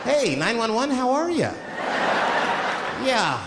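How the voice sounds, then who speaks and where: A comedian voicing an oddly relaxed man calling an emergency line, breezy and unhurried. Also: very high voice, pitched above the performer's own voice, full character voice. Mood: breezy calm. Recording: reverberant hall, audience noise.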